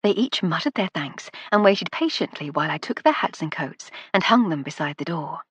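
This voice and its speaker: A woman reading a first-person novel aloud with a wry, measured delivery. Her voice sits low and carries a husky, breathy grain. The sound is dry and close, with no room around it. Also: lively intonation, fairly bright tone, no room sound. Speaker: audiobook narrator.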